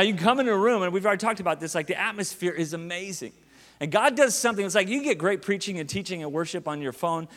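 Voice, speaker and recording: Fired-up preacher in an echoing church. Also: male voice, high-pitched. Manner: energetic, joking preaching with rising exclamations. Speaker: guest preacher. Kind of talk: sermon. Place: large church auditorium. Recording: long hall reverb with faint music.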